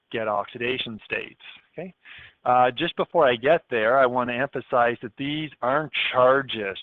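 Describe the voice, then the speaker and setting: A Canadian man with a medium-pitched voice teaches a recorded chemistry lesson, explaining it step by step and often checking in with "okay?". The audio is dry and tinny, like a phone.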